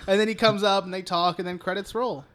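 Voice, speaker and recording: A man's voice: high voice, fairly even intonation, quick pace, a bit bright. Profane, laughing podcast co-host, a man. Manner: profane, rambling retelling with frequent laughs. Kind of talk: casual film discussion.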